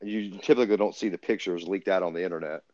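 A low-voiced man co-hosts a casual sports podcast, blunt and quick to swear. His audio is dry and muffled, lacking sparkle. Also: fairly even intonation, darkish tone, no room sound. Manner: blunt, profane. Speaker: podcast co-host. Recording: dull lo-fi dry sound.

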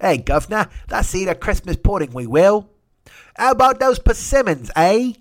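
A man putting on a jolly, toothless old-timey English colonist with a hammy, drawn-out, mock-posh delivery. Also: sits high, animated, pitched above the performer's own voice.

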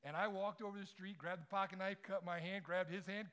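A middle-aged man preaching to a room full of people, his voice sitting a little high for a man. He tells his stories with animation and acts out the quoted lines loudly. His delivery builds from quiet, earnest points to lively bursts. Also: fast talker, few pauses, noisy background. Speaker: campus ministry speaker. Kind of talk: sermon with personal stories. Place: large room with audience.

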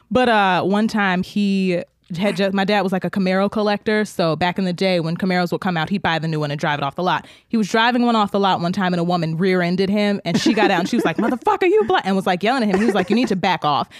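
A woman co-hosting a podcast, with a voice of middle height. She tells her stories in a lively way, putting on the voices of the people in them and laughing as she goes. The sound is dry and close. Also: medium pitch, fast talker, hardly any pauses, no room sound. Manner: animated storyteller, acts out quoted voices, laughs often. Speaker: podcast co-host. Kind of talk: casual chat.

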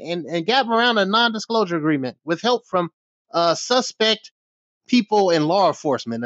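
A man's voice: sits high, fairly bright tone, no room sound. An American man delivering an angry, profane vlog rant in heated bursts. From United States. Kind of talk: ranting vlog monologue. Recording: dull lo-fi dry recording.

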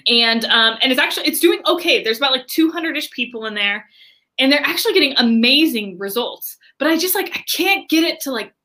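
A woman entrepreneur telling a story animatedly in an interview, chatty and expressive, saying "like" often. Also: high voice, fairly quick. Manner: chatty, frequent filler "like", expressive. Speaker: entrepreneur and podcast guest.

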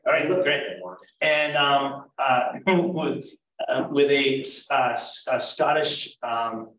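A man's voice: mid-range voice, fairly even intonation, slow, a bit bright. A man hosting a casual livestream interview, rambling and teasing his guest. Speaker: host. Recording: roomy, distant mic.

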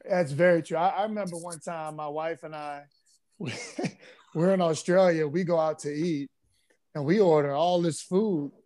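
A man being interviewed on a podcast as a former pro basketball player, telling stories in a relaxed way with plenty of fillers. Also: a little high, normal speed. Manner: relaxed storyteller, easygoing with frequent fillers.

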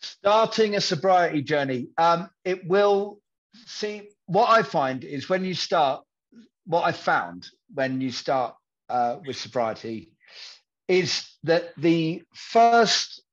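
A man's voice: a little high, muffled recording. A man talking candidly as a podcast guest, rambling and repeating himself as he acts out what people say. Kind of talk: candid conversational storytelling.

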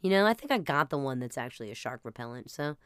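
A woman's voice: rumbling low, big pitch swings, quick pace, fairly bright tone, smooth, no room sound, studio quality. A woman with a New Jersey accent, hosting a podcast and telling rambling, self-mocking comic stories. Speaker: podcast host. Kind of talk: comedic storytelling monologue.

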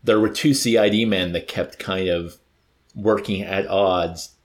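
A man's voice: low voice, fairly even intonation, unhurried. A man reading a novel aloud expressively, then talking it over with a co-host. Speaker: reader and co-host. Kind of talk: audiobook reading and book discussion.

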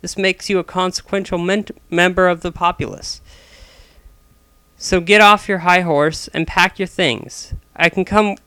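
An earnest young man pleads with his stubborn father, as a male narrator gives him voice. The tone sits a bit high and sounds crisp and bright, with a dry, close sound. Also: steady tone, unhurried, no room sound. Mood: pleading.

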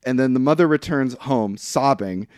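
A man's voice: mid-range voice, moderate pace, a little mellow, dry recording. A man casually retelling a film's plot on a podcast, rambling with fillers and quoting the characters. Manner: rambling, laughs often, quotes characters. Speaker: podcast co-host. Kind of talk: casual movie recap chat.

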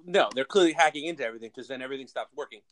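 Animated man recapping a movie. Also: medium pitch, rapid-fire, no room sound, poor audio. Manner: animated storyteller, swears freely. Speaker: podcast co-host. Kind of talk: casual movie recap chat.

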